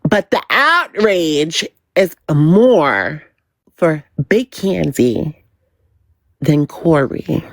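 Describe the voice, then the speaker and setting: Slow, dramatic woman livestreamer. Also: deep voice, big pitch swings, dry recording. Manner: dramatic and drawn-out, with teasing sing-song repetition. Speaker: livestream host. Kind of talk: gossip commentary on a livestream.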